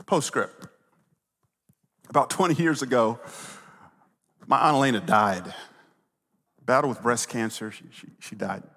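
A middle-aged man preaching a sermon as pastor, telling stories with animated swings from loud to hushed. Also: medium pitch, unhurried, pauses often. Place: church sanctuary. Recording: long reverb of a large hall.

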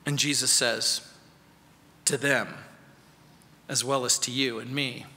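A male pastor preaching a sermon, moving between quiet intimate tones and sharp lively questions. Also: medium pitch, unhurried, pauses often. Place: church sanctuary. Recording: church hall with long reverb.

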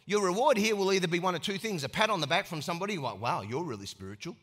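A man preaching a sermon as pastor, emphatic and animated, acting out little scenes. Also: sits high, rapid-fire. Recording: echoey hall.

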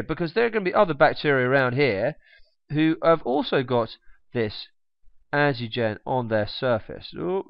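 A man's voice: medium pitch, vocal fry, no room sound. Guy teaching science, voice goes way up and down, jokey side comments, dry kinda muffled audio. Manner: chatty, jokey asides, humming while drawing. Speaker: biology teacher. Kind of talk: explaining while drawing. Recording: dull, slightly lo-fi dry recording.

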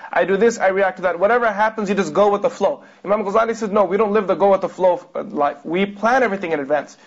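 A man teaching a religious class, explaining a read text and putting rhetorical questions to his listeners. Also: high voice. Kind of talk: lecture commenting on a read text. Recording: dull lo-fi recording.

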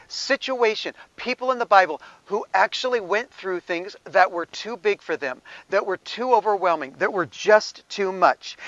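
A man's voice: sits high, fairly bright tone, no room sound, dull audio. A male pastor preaching in a conversational way, with asides and small chuckles. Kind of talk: sermon.

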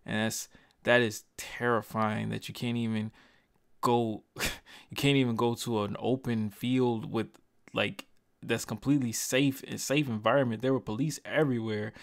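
Recorded dry on a desk microphone with clean studio sound, a young YouTuber with a gravelly, medium-pitched voice delivers a commentary vlog. He's earnest and passionate but halting, restarting and stuttering often, and swears casually.

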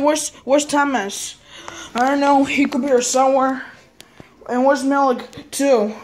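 A woman acting out a classroom with toys, talking haltingly and repeating herself. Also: high voice. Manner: halting, repeats words and restarts often. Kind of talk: toy role-play as a teacher.

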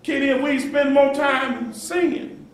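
A man preaching a sermon as pastor, with call-and-response and sudden dramatic shouts, recorded in a church. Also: extremely high pitch, a little slow. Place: church sanctuary. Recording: echoey church hall from far off.

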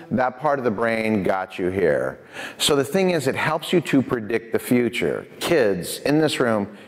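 A man giving a lively prevention talk to students, asking them questions, telling stories and laughing often. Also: medium pitch. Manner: animated storyteller, asks the audience questions, laughs often. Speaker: prevention specialist and youth speaker. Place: church hall. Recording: long hall reverb.

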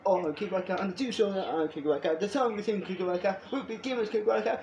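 Excitable high-voiced man in an echoey room. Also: fast, few pauses, a little hiss or hum. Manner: excitable, repetitive, jumps between topics. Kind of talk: rambling home video monologue.

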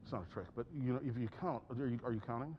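A man's voice: mid-range voice, racing. A man giving a piano masterclass, coaching a student with encouragement and often singing phrases or counting beats aloud. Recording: slightly dull recording with piano. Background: piano playing.

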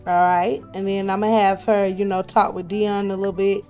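A woman's voice: mid-range voice, flat delivery, normal speed, darkish tone, faint music behind. A young woman giving casual, chatty commentary on her life-sim playthrough, laughing often and scolding her characters. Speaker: let's play host.

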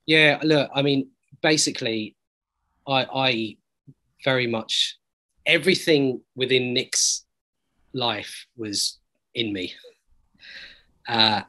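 A man's voice: on the low side, bright, forceful tone, poor audio. A man, an actor being interviewed, giving earnest, reflective answers full of hesitations and restarts. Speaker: actor interviewed about a series.

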